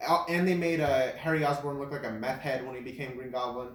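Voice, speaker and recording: A man in casual chat ranking films, rambling with many fillers and breaking into loud incredulous laughter. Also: medium pitch, flat delivery, fast. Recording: echoey room.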